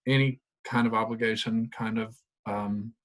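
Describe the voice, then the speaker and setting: A man teaching a Spanish grammar lesson, explaining patiently and relaxed, with frequent ums and uhs. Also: fairly low pitch, moderate pace. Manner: relaxed, explanatory, many fillers.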